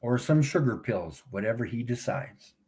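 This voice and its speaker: A man's voice: medium pitch, expressive. A man hosting a live stream, taunting his chat in a mocking tone and laughing often. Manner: slow, drawn-out delivery with big swings in loudness. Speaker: livestream host.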